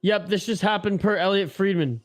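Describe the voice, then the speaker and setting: Man, high-pitched, live stream host, casual play-by-play, profane banter. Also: moderate pace. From Canada. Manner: profane, joking, reads chat aloud. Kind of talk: casual play-by-play watch-along commentary.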